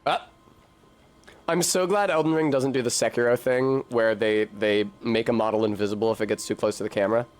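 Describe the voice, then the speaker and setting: A man's voice: medium pitch, steady tone, a little fast, smooth. A man giving casual, profane, jokey commentary while playing a game on stream.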